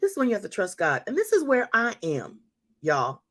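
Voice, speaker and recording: Her testimony comes out briskly and lively in a mid-range voice; she's a woman in her 50s who speaks and hosts at church, addressing her congregation directly.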